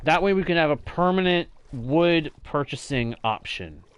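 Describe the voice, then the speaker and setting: Streaming a game live, this man talks casually with his audience, laughs readily, and thanks them a lot. His fairly high, slightly nasal voice is clear and resonant, with lively intonation and a moderate pace. There is no room sound.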